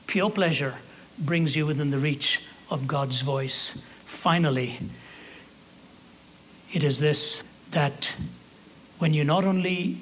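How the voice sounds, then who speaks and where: A man in his seventies preaching a sermon, telling a story in a measured, earnest way and slowing down for emphasis. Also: on the high side, fairly bright tone, slight background noise.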